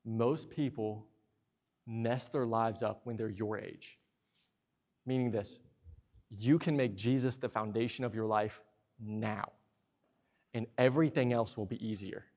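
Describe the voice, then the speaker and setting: A young man preaching a sermon in a church, lively and talkative, slipping into playful asides. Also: medium pitch. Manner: lively preaching, acts out husband and wife exchanges in asides. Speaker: pastor. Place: church sanctuary.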